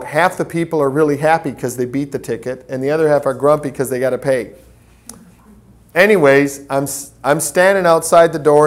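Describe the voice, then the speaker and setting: Guy teaching volunteers, preachy storyteller, voice a little high. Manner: preacherly, storytelling, lively acted quotes. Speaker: pro-life petition trainer. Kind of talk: training talk with anecdotes.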